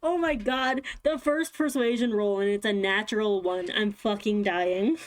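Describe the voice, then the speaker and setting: A woman's voice: medium pitch, moderate pace. A woman chatting casually with her tabletop group, joking, swearing and laughing at her own bad luck. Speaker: tabletop game player. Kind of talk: casual chat between players.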